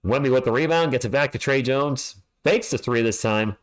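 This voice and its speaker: A man calling a live game as a fan play-by-play streamer. He is excitable, talks to his chat, and yells at the team, alone at home. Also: medium pitch, normal speed.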